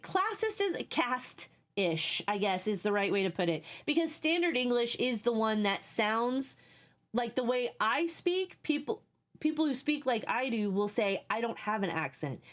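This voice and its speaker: A woman's voice: fairly high pitch, very animated, moderate pace. A young woman streaming live, chatting casually with her viewers and explaining things at length while she reads their messages.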